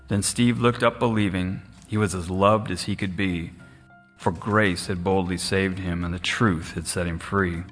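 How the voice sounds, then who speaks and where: A man narrating a rhyming storybook in a measured, expressive way. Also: low-pitched, faint music behind.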